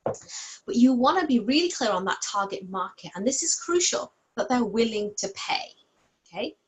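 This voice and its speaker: A woman's voice: a little high, sing-song, moderate pace, rough recording. A woman business coach and host talking casually to her computer camera, upbeat and encouraging, checking in with "okay?" as she goes. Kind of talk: casual solo talk to camera. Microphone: computer camera and mic at home desk.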